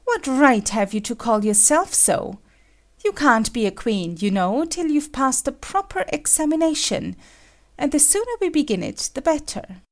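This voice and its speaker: A woman's voice: high-pitched, very animated, moderate pace. A woman playing a stern, imperious Red Queen who scolds and lectures sharply in a full-cast audiobook. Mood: scolding.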